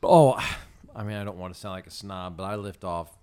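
A man's voice: fairly low pitch, a little fast, clean tone. A man chatting casually as a podcast guest, rambling and often restarting his sentences. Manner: rambling, self-interrupting, animated. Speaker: podcast guest, donut shop owner. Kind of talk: casual chat.

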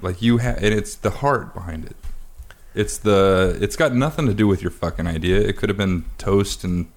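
A man's voice: lowish voice, moderate pace. A man hosting a podcast in casual chat, laughing often and swearing freely. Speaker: podcast host.

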